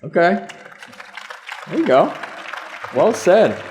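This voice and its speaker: A man's voice: high-pitched, very animated, slow, a little mellow, a faint crowd, slight background noise. A man hosting a live panel discussion, asking questions in a curious and encouraging way. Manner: curious, encouraging, asks follow-ups. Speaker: podcast host, moderator.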